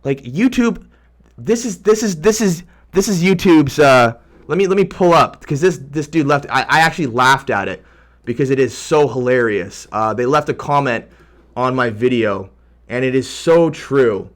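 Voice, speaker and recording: A man's voice: mid-range voice, expressive, normal speed. A young man hosting a livestream, reading viewer comments aloud in a heated, rambling rant full of restarts. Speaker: YouTuber reading chat.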